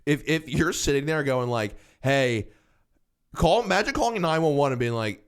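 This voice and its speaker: A man's voice: on the high side, lively intonation, normal speed, smooth. A man co-hosting a podcast in casual chat, joking, swearing and laughing often. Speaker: podcast co-host.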